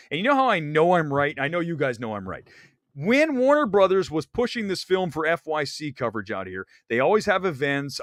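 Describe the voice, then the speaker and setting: Brief: lively, rambling male movie-show host, slightly high voice, dry close sound. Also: no room sound. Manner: animated, rambling, emphatic rants. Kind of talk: live-stream movie commentary. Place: Los Angeles area.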